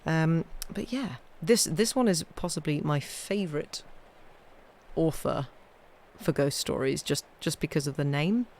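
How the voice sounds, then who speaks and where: A woman reads classic ghost stories aloud and chats between them in a wry, easygoing way. Her sentences often fade to a quiet murmur at the end. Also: deep voice, a little slow, slight background noise. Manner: chatty, wry, trailing off quietly. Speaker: storyteller streaming live readings.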